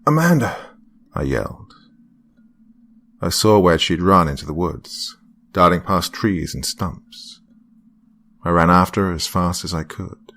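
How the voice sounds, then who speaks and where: A man narrating a first-person horror story in a hushed, dramatic way, often slipping into whispers. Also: deep voice, fairly even intonation, unhurried. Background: faint background music.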